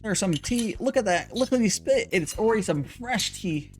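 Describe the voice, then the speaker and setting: Man, young adult, high-pitched, rambling, repeats himself, casual livestream talk. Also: lively intonation, moderate pace, few pauses, soft background music. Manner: rambling, restarts and repeats words, swears casually. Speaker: streamer. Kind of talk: casual livestream chat while brewing tea.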